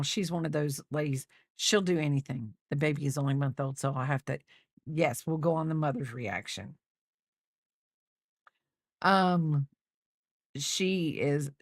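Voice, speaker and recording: A woman's voice: low-pitched, no room sound, clean studio sound. A middle-aged woman hosting a crochet channel, chatting casually with viewers and rambling off mid-sentence. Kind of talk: casual chat while crocheting, replying to viewers.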